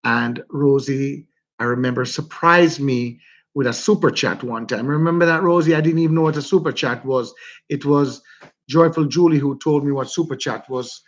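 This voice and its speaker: A man with a Jamaican accent, hosting a casual livestream and warmly greeting his viewers by name. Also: medium pitch, moderate pace. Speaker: livestream host.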